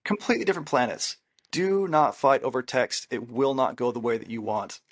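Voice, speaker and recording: A man's voice: mid-range voice, fairly quick, husky. A man co-hosting a podcast as a therapist, giving relationship advice in casual chat, stressing and repeating his key rules. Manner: emphatic, repeats key rules, acts out quoted lines.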